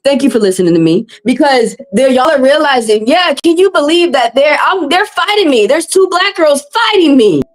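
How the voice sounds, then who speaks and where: Woman going off on her live stream, kinda high voice, swears a lot, super blunt. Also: lively intonation, normal speed, hardly any pauses, low-quality recording. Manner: impassioned, profane, blunt. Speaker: tarot reader livestream host. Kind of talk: heated livestream monologue.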